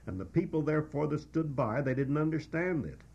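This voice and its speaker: A man preaching a verse-by-verse Bible exposition, teaching in a measured, emphatic way with frequent "uh" pauses. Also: fairly high pitch, lively intonation, a little mellow. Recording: dull lo-fi recording.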